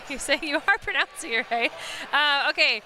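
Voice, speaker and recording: A woman calling live play-by-play, excitable, chatting to online viewers and laughing at big plays. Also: high-pitched, measured pace, noisy background. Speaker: play-by-play commentator. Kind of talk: live sports commentary.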